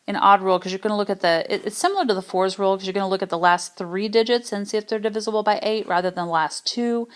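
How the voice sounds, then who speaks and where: A woman teaching a math lesson in a casual, explanatory way, thinking aloud with fillers as she works on a whiteboard app. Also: medium pitch. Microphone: tablet microphone.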